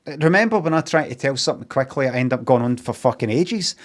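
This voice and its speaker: A man's voice: on the high side, animated, normal speed, hardly any pauses. Sweary, rambling Scottish man. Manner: sweary, meandering, with lots of fillers and asides. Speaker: streamer reviewing a film. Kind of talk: casual rambling film recap.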